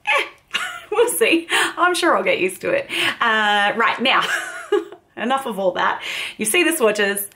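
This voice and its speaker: A woman's voice: on the high side, huge pitch swings, slow pace, long pauses, pushed and bright. Bubbly Australian woman beauty vlogger. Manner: bubbly, chatty, laughs often. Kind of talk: casual beauty video chat.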